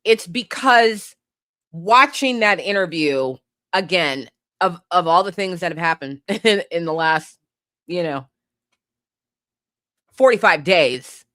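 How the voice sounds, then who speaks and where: A woman's voice: lowish voice, lively intonation, slow pace, pauses often, pushed and bright, dry recording, studio quality. A woman hosting a podcast, ranting about politics in a heated, profane way and sometimes laughing at herself. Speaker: podcast host.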